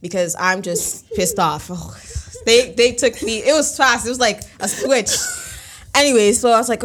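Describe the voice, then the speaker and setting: A woman co-hosting a podcast, telling a personal story in a casual, animated way, with lots of fillers and big swings between excited peaks and quiet asides. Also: mid-range voice, unhurried. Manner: animated, emphatic, with frequent fillers. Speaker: podcast co-host.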